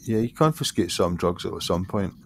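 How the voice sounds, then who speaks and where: A laid-back man with a very deep voice, chatting casually and often murmuring along. Clear background noise sits under his voice. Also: animated, normal speed, a little mellow. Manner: laid-back, many short backchannel murmurs. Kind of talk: casual chat.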